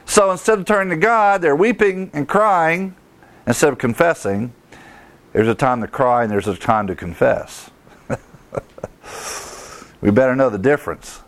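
A man preaching a sermon as a pastor, with a mid-range voice that climbs higher when he presses a point. His delivery is emphatic and earnest, and he breaks into short chuckles along the way. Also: moderate pace, pauses often.

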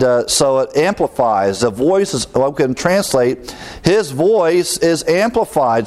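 Man, pastor type, teaching scripture conversationally, off-the-cuff asides. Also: fairly high pitch. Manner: conversational, with fillers and asides, chuckles at own remarks. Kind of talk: Bible teaching sermon.

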